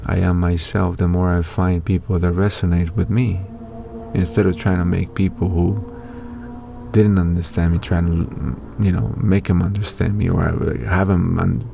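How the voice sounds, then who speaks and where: A man's voice: low-pitched, creaky, warm tone, slight background noise. A middle-aged man hosting his own show, talking in a loose, rambling monologue full of fillers and restarts. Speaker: online show host. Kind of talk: casual spoken monologue.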